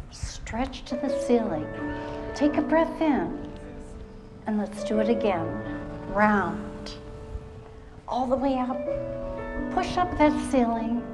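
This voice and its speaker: A woman fitness instructor guides a seated exercise routine on stage. Her voice sits a little high, and she speaks slowly and encouragingly in short, calm cues. Music plays under her voice. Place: stage at a live library show. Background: background music.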